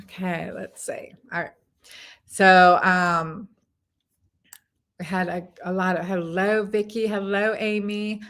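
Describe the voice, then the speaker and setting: A woman's voice: fairly low pitch, flat delivery, slow pace, long pauses, fairly bright tone. A woman doctor hosting a casual live stream, answering viewers' comments in a chatty way, with plenty of fillers and repeated words. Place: home in Texas.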